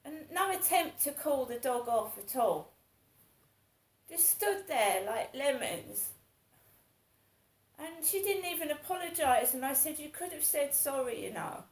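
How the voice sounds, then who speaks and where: A woman's voice: sits high, sing-song, measured pace, long pauses, echoey room, poor audio. A woman in her fifties talking in a casual monologue, rambling and repeating herself in an aggrieved way. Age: 50s. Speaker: vlogger.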